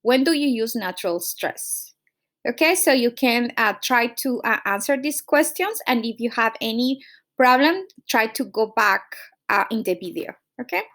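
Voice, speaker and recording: A woman's voice: on the high side, normal speed. Woman teaching, checking in with "okay?". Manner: relaxed, explaining step by step with frequent "okay?" checks. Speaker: Spanish teacher. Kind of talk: recorded online lesson.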